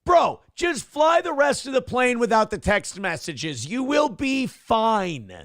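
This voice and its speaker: A man's voice: very high voice, very animated, slow, fairly bright tone, slight background noise. A man hosting a morning show, giving crude, sarcastic commentary on a viral video. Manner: sarcastic, crude, mocking impressions. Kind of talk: mocking commentary on a viral clip.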